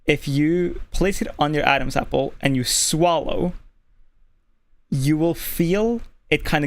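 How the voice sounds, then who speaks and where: A streamer from Norway with a male-sounding voice, casually explaining voice tips at a desk mic, keeping the voice relaxed and filling pauses with "like". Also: on the high side. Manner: relaxed, deliberately easy on the voice, lots of "like" fillers. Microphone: desk microphone.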